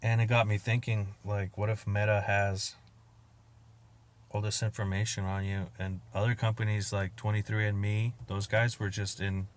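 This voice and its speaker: A man hosting a podcast, riffing in a crude, profane monologue, laughing at his own jokes and acting out quotes with loud outbursts. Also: fairly low pitch, flat delivery, moderate pace. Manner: acts out quoted exchanges with sudden loud outbursts. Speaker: podcast host. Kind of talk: casual comedic monologue.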